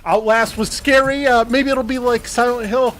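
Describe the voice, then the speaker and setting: A man from Michigan co-hosting a casual live entertainment show, excitable and swearing freely, laughing often. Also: very high voice, moderate pace, faint music behind. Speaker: co-host. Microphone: wired mic on a short cord.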